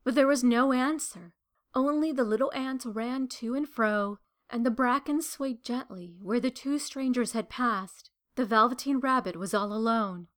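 A woman narrating a children's story aloud in a gentle, measured and expressive way. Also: a little high.

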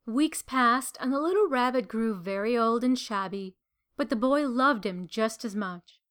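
A woman narrating a children's story aloud in a gentle, measured and expressive way. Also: fairly high pitch, clean tone.

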